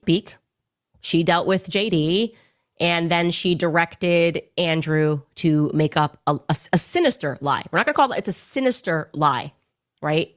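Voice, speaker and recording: Emphatic woman commentator, lowish voice. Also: animated, unhurried. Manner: emphatic, accusatory, speculative. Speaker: political commentator. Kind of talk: opinion commentary. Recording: clip from an online show.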